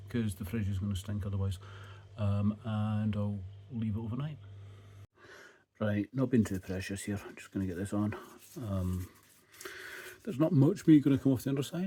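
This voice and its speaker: A man's voice: lowish voice, dark tone, slightly rough. A Scottish man narrating his home cooking in a laid-back, casual way, with frequent fillers and swearing. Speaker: home cook and channel host.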